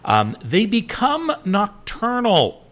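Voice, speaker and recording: A man hosting a podcast, chatting casually with his guest, thinking out loud and reading out listener comments. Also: high-pitched, huge pitch swings, slow pace. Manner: chatty, sounds out ideas aloud, reads listener comments. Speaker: podcast host. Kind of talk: casual interview chat.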